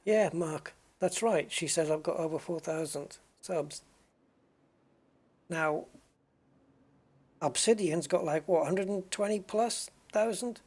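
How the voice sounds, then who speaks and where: A man's voice: a little high, slow, pauses often, a little mellow. A man streaming a space game, chatting loosely with viewers, rambling and poking fun at himself as he answers their messages. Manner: rambling and self-mocking, reads and answers chat. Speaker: gaming streamer. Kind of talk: casual live-stream chat.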